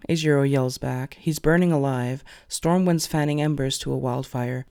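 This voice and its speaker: A man narrating fan fiction aloud in an expressive storytelling way. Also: medium pitch, moderate pace, hardly any pauses, clean tone.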